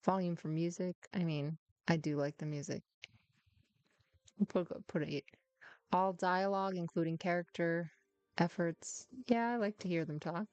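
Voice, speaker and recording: A woman gives loose, chatty commentary as she plays, teasing and talking half to herself. Her voice sits a touch lower than most women's. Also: measured pace, a little mellow, smooth, no echo. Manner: chatty, teasing, mutters to herself while playing. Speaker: gaming streamer. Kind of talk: casual gameplay commentary.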